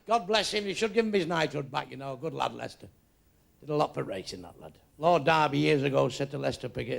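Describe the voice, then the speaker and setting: A man's voice: mid-range voice, lively intonation, quick pace, creaky. An older man telling crude stand-up jokes on stage, acting out voices with blunt punchlines. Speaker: stand-up comedian. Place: comedy club stage with audience.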